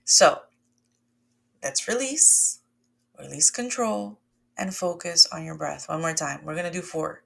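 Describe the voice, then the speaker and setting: A woman's voice: low-pitched, a little slow, vocal fry, pauses often. A woman wellness coach leading a guided breathwork lesson, talking to listeners in an encouraging, conversational way and calling them "my loves" and "y'all".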